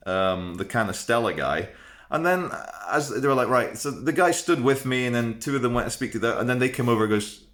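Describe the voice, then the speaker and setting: A man's voice: fairly low pitch, lively intonation, moderate pace, a bit bright. A man in his thirties telling a personal story to camera in a chatty, rambling, frank way, with fillers and restarts. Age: 30s. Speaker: vlogger.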